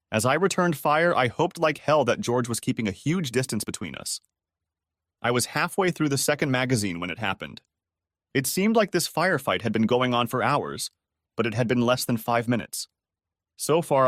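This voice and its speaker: A man narrating a dramatic first-person story in an expressive, scripted way. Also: medium pitch, no room sound, clean studio sound.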